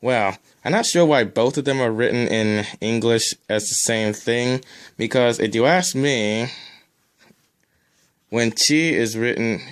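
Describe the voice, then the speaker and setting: A man's voice: mid-range voice, measured pace, smooth. A man teaching a recorded language lesson, drilling sounds one at a time and adding casual asides.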